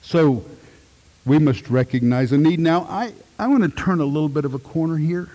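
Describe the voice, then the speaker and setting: A middle-aged man, a pastor, preaching a sermon with emphatic swells and hushed moments. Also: a little high, moderate pace, long reverb tail.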